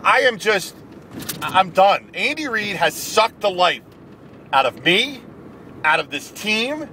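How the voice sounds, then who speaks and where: Angry ranting man, lively high voice. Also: slight background noise. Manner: angry, emphatic, repetitive. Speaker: video blogger. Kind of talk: ranting sports commentary to camera.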